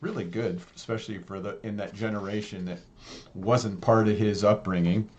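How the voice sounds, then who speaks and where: A man's voice: on the low side, fairly even intonation, normal speed, a little mellow, highs cut off, slight background noise. Upbeat man co-hosting a chat. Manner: upbeat, jokey, many fillers. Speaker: co-host. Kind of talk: casual chat.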